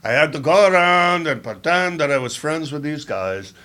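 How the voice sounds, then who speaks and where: Improv comedy: a man doing a scheming old spy, wisecracking, slightly high, very lively pitch. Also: moderate pace. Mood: sly. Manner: wisecracking, drawling, mock-confiding asides. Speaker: comedian in character.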